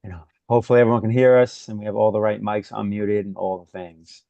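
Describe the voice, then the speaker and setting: A man's voice: fairly low pitch, fairly even intonation, quick pace, vocal fry, dark tone, dry recording, muffled recording. A man co-hosting a casual live audio chat with easygoing banter. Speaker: co-host.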